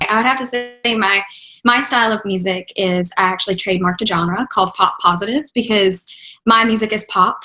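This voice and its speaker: A woman's voice: medium pitch, sharp tone. A young woman from Texas with a faint Texan accent, answering interview questions in an upbeat, enthusiastic way that is full of "you know" and "like". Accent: Texan, mostly trained out. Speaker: interview guest, actress and singer.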